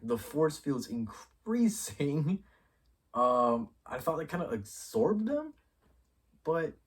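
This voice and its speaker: A man hosting his own review show, chatting casually and excitedly, swearing freely and rambling as he thinks aloud. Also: fairly high pitch, takes it slowly, husky, far from the mic. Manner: excitable and profane, acts out characters' lines mid-sentence. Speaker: YouTube show host reviewing a TV episode. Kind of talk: casual spoiler review talk.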